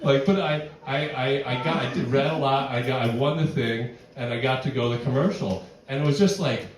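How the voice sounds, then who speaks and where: Middle-aged male stand-up comic, rambling and self-deprecating, mid-pitched voice, distant mic in a very echoey venue with a laughing crowd. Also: brisk. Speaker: stand-up comedian. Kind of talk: stand-up comedy set. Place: barn music venue with live audience.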